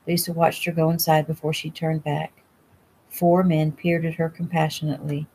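A woman reading her own novel aloud at home in a relaxed, conversational way. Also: low voice, normal speed, a little hiss or hum, poor audio. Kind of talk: casual audiobook reading.

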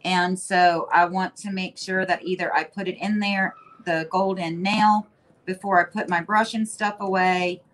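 A woman's voice: on the low side, steady tone, measured pace, fairly bright tone, slight background noise. A woman hosting a live furniture-painting stream, chatting casually and thinking aloud as she works. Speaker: host. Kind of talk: casual demo narration.

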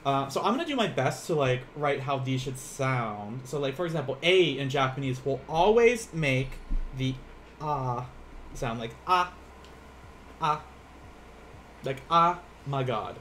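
A man's voice: mid-range voice, big pitch swings, moderate pace, slight background noise. A young man teaching a casual livestream language lesson from home, rambling, laughing often and poking fun at himself, with lots of fillers. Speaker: Japanese teacher. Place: home room.

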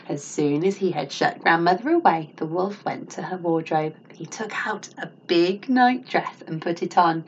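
Animated woman teacher reading a storybook. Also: lowish voice, unhurried, highs cut off, slight background noise. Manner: animated, with gasps and questions to the listener. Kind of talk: reading a picture book to children.

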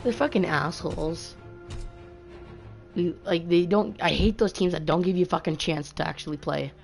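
Woman gaming streamer, angry profane rant, fairly low voice, headset mic, faint music behind. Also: moderate pace, gravelly, darkish tone. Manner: profane, frustrated, complaining. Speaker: live streamer.

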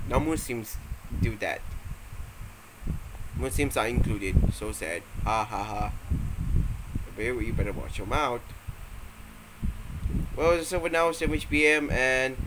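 A man talks in a loose, playful ramble, stopping and restarting as he goes. His voice sits at a middle pitch. An air conditioner hums clearly behind him the whole time. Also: background noise. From Malaysia. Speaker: vlogger. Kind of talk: casual rambling vlog.

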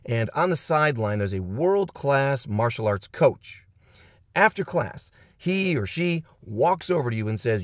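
A man's voice: medium pitch, very animated, measured pace, no echo, studio quality. A man who teaches martial arts giving an emphatic, punchy motivational talk to camera. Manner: emphatic and punchy, with blunt pep-talk lines. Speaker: martial arts instructor and channel host.

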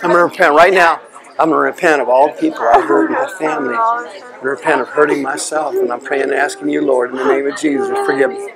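High-voiced man shouting commands in prayer. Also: fast, gravelly, rough recording. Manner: forceful, commanding, often shouting. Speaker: minister leading deliverance prayer. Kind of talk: loud deliverance prayer and commands. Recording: crowd noise behind.

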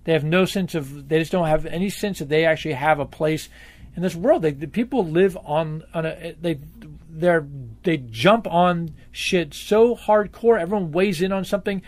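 A man with a fairly high, slightly mellow voice speaks at a moderate pace while being interviewed. Candid and conversational, he's an emphatic, profane storyteller who rambles and cusses freely.

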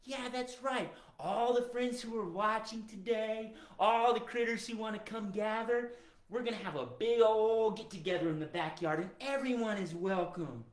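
A man's voice: sits high, moderate pace. A man hosting a live children's music show, speaking cheerfully and directly to the kids watching. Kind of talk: upbeat live kids' show talk. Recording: roomy echo, faint guitar.

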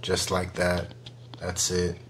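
A man's voice: low voice, monotone, takes it slowly, fairly bright tone, a little hiss or hum. A man hosting his vlog in casual, playful, rambling talk to the camera, enthusiastic about his gear, recorded on a wireless clip-on mic. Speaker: vlog host.

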